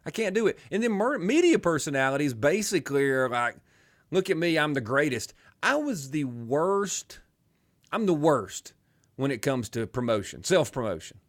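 A man's voice: on the high side, big pitch swings, moderate pace. A middle-aged man with a twangy Alabama accent hosting a talk radio show, rambling through casual banter with joking asides. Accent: Southern US (Alabama).

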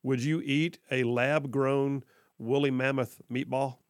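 A man's voice: mid-range voice, steady tone, takes it slowly, no room sound, clean studio sound. Opinionated male talk radio host. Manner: opinionated, repeats points for emphasis. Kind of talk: conversational political talk radio.

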